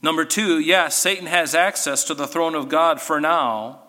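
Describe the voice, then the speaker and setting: Forceful man teaching scripture. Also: fairly high pitch, moderate pace, big-room sound. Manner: animated, with sarcastic asides. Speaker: Bible teacher. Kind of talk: Bible study lesson.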